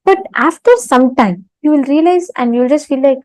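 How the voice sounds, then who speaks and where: A woman giving an unhurried spiritual talk to an online audience, pausing often and telling a parable. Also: high voice, darkish tone, dry recording, low-quality recording. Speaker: spiritual teacher. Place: temple.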